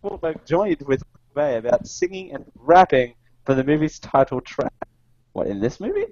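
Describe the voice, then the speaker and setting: A man's voice: a little high, normal speed, no echo, highs cut off. A man co-hosting a casual podcast, reading movie trivia with jokes and laughs. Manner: jokey, laughs often, animated reading. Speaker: podcast co-host.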